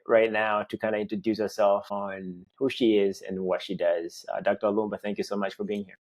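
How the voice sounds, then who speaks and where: Male podcast host, lowish voice, relaxed friendly intros. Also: a little fast. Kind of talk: podcast interview.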